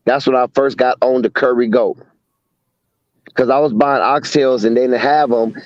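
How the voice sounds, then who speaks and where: A man's voice: mid-range voice, fairly even intonation, normal speed, dry recording. A man in casual chat, telling laid-back stories with trailing asides. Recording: dull dry lo-fi sound.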